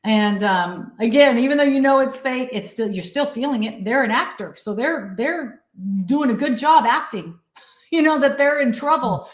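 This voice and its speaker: A woman actress as an interview guest, chatting casually and telling lively stories. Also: sits high, moderate pace. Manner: animated storyteller, acts out quotes. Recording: roomy echo.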